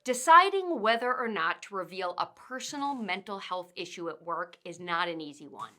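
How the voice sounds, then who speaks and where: Bright-voiced woman explaining workplace advice. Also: on the low side, animated, slight background noise. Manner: measured, explanatory delivery with listed points. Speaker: workplace communication trainer and author. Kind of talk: instructional narration.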